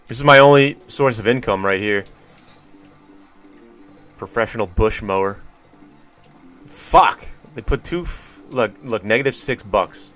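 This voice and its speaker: A man's voice: lowish voice, animated, measured pace, long pauses, a bit bright, faint music behind. A man streaming a video game, rambling wryly and swearing casually as he chats with viewers. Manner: rambling, profane, wry musing to chat. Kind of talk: casual gameplay commentary.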